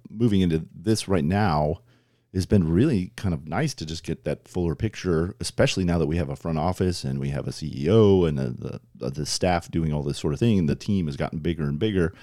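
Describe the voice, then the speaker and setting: A middle-aged man chatting casually as an interview guest, with dry, self-mocking humor and quick bursts of laughter. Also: very deep voice, dark tone, no room sound. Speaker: guest, club board chairman.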